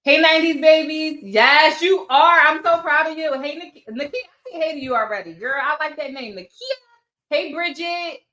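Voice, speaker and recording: Bright, chatty woman hosting a livestream. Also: high-pitched, moderate pace, echoey room. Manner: chatty, greets viewers by name, swears casually. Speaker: livestream host. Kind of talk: casual live chat.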